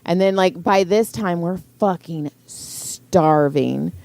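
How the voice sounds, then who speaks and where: A woman's voice: lowish voice, slow, vocal fry, darkish tone, dry recording. A middle-aged woman, co-hosting a podcast and telling a story in casual chat, acting out quotes and swearing freely. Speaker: podcast co-host.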